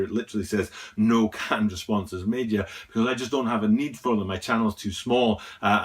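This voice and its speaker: A man's voice: medium pitch, fairly bright tone, recorded from a distance. A man hosting his own channel, walking viewers through a screen-share tutorial in a chatty, rambling way with self-mocking jokes. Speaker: YouTube channel host.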